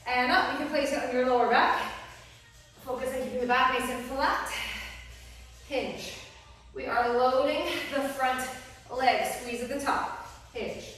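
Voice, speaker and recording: A woman's voice: high voice, fairly even intonation, measured pace, long pauses, fairly bright tone, very echoey, distant mic, low-quality recording. Breathless woman calling workout cues. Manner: short exercise cues, puffing between moves. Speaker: fitness instructor. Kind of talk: workout class cueing.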